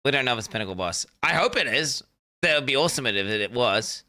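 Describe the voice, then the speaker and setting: A man's voice: mid-range voice, animated, fast, pushed and bright. A young man streaming live, reacting to a game announcement, thinking aloud, repeating himself and swearing casually.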